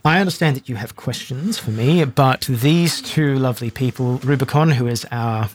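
A man's voice: medium pitch, moderate pace, slight background noise, natural voice. A man voicing a stern, stone-faced male spymaster who speaks in a clipped, formal way.

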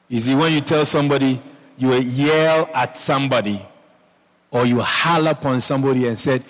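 A man's voice: mid-range voice, long reverb tail. A male pastor preaching a sermon, repeating phrases and often checking in with his congregation. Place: church.

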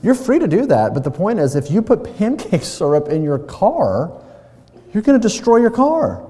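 Warm-voiced man preaching in a reverberant hall. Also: sits high, huge pitch swings, normal speed. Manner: conversational preaching with playful everyday examples. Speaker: pastor. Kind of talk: sermon. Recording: long reverb of a large hall.

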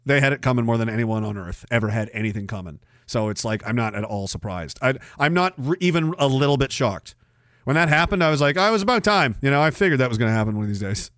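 A man's voice: medium pitch, animated, fast talker, no echo, clean studio sound. A man hosting a livestream, reading chat aloud in a profane, sardonic way and laughing often. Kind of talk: casual chat.

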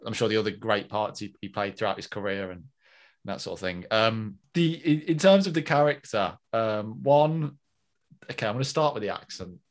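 A man co-hosting a podcast in casual chat, animated, with frequent fillers and restarts. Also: fairly low pitch, normal speed. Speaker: podcast co-host.

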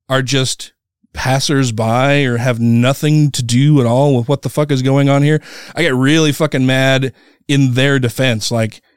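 A man telling a story in casual chat, heated and profane, retelling an angry run-in with lively animation. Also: mid-range voice, clean tone, dry recording, clean studio sound.

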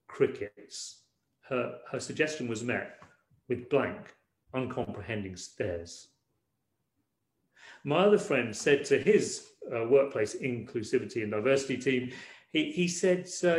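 A man's voice: mid-range voice, expressive, normal speed, reverberant. A man preaching a sermon as pastor, in a conversational way, often repeating words as he searches for the next thought.

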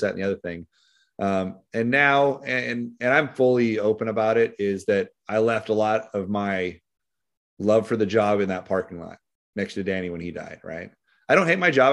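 A middle-aged man with a Californian accent, a sheriff's deputy telling stories in a casual interview, rambling with many fillers. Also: fairly low pitch. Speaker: sheriff's deputy and author, podcast guest.

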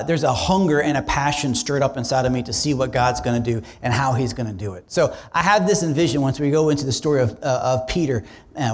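A male pastor telling a story in a sermon, conversational and animated, acting out the dialogue. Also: mid-range voice, slight background noise.

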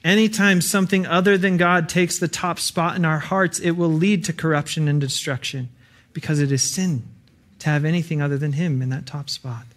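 A man's voice: fairly high pitch, steady tone, normal speed, few pauses, fairly bright tone. A young adult man preaching an earnest, conversational sermon with frequent fillers.

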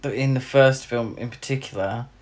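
A woman's voice: rumbling low, normal speed, darkish tone. A woman co-hosting a podcast, chatting casually and sounding exasperated, with frequent laughter. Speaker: podcast co-host. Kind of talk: casual chat.

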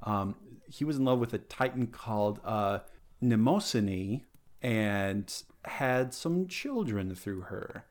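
A man's voice: on the low side, lively intonation, takes it slowly, a little mellow. A man chatting casually on a podcast, explaining eagerly with many fillers and restarts. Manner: enthusiastic, rambling, lots of fillers.

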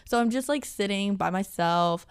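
A young woman co-hosting a podcast, telling a story in animated casual chat with many filler words. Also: medium pitch, normal speed, smooth. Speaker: podcast co-host.

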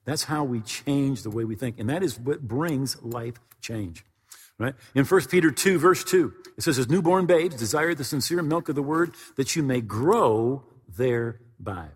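Husky-voiced man preaching in a hall. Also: medium pitch, lively intonation, a little slow. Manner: conversational preaching with frequent word repetitions. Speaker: pastor. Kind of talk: sermon. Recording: reverberant hall.

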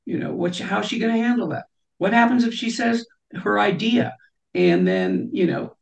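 A woman's voice: fairly high pitch, wildly swooping pitch, moderate pace, vocal fry. A woman guest in a conversational interview, talking thoughtfully and often saying "you know".

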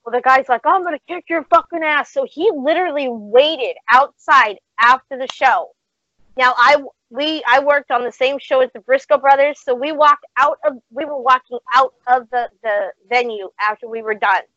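A woman with a somewhat high voice tells rowdy wrestling-show stories, cursing freely and acting out the lines. Her audio is dry and a little dull, like a video call. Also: normal speed, bright, forceful tone, dry recording. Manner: brash, swears freely, acts out quoted lines. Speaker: guest, former wrestling manager. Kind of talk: casual storytelling on a podcast.

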